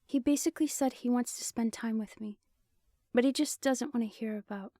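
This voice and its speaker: A woman putting on a bright, teasing young woman leader. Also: fairly quick, no echo, clean studio sound, lightly acted. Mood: warm, musing. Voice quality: higher, bright put-on voice.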